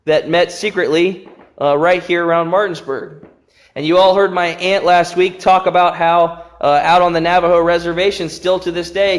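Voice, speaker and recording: A man preaching an earnest, emphatic sermon in a church. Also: high voice.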